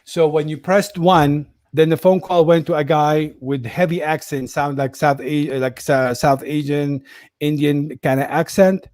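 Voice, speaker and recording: A man's voice: a little high, fairly even intonation, a little slow, a little mellow, dry recording, studio quality. A man interviewing a scam victim, recapping her story carefully to clarify it. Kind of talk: interview questioning.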